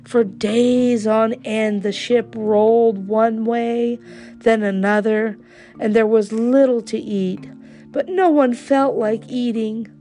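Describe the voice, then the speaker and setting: A woman reading a children's storybook aloud in a slow, expressive way. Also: on the high side, soft background music.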